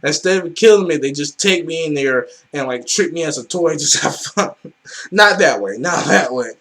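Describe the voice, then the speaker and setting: A man hosting a reaction video, talking excitably in a casual, swearing, filler-heavy way. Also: a little high, moderate pace.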